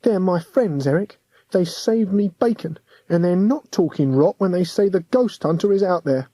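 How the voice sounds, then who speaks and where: An audiobook narrator, a man, voicing a plucky young working-class boy ghost with rough, earnest speech. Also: high voice, lively intonation, normal speed, mellow, no room sound, pitched above the performer's own voice.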